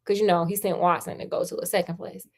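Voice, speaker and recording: A woman's voice: on the low side, little pitch movement, quick pace, a little mellow, slight background noise. A woman casually retelling a detective story in a chatty, slangy, playful way.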